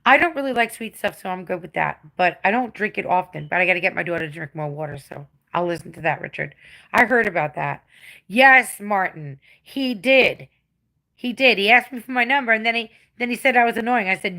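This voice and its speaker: A woman's voice: mid-range voice, animated, a little fast, bright, forceful tone. A woman in her forties with an English accent, chatting bluntly and profanely to her livestream viewers, answering comments. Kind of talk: casual livestream chat.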